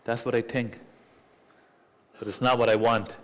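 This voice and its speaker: A middle-aged Irish man in a stage play, speaking in a measured, gently reasoning way as he reads a letter aloud to his friends. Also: medium pitch, level tone, rough recording. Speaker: club member reading a letter aloud.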